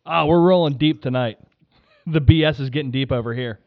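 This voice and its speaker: Teasing podcast host, slightly higher voice. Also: male voice, a little fast, dry recording, phone-quality sound. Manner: teasing, laughs along. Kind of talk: casual podcast banter.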